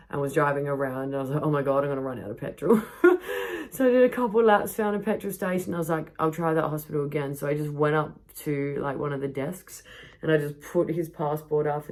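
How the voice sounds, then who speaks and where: Low-voiced woman telling a wild travel story. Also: gravelly. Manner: animated, swears freely, laughs through the story. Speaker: podcast host. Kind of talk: casual storytelling. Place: home backyard.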